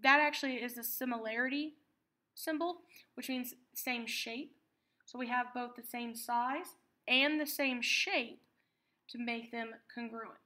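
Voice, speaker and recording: A woman teaching a math lesson, patiently explaining terms and repeating key words slowly. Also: on the high side, steady tone, bright, forceful tone.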